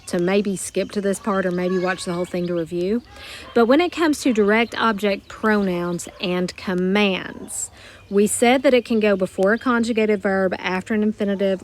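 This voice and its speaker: A woman teaching a Spanish grammar lesson to her students, explaining step by step and slowing down to model each Spanish word. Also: mid-range voice, slight background noise. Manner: patient, explanatory, slows down to model Spanish words. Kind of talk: recorded classroom grammar lesson.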